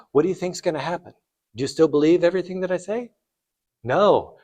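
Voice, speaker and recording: A man's voice: mid-range voice, darkish tone. A man lecturing on finance to students in a conversational way, asking rhetorical questions and adding blunt asides. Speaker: finance instructor.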